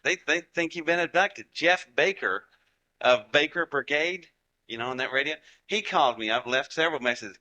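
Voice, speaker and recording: Addressing a live audience, a Southern US man gives a folksy storytelling talk, chatting and joking with the crowd. His voice is a little high, with lively intonation, normal speed, and a bright, forceful tone.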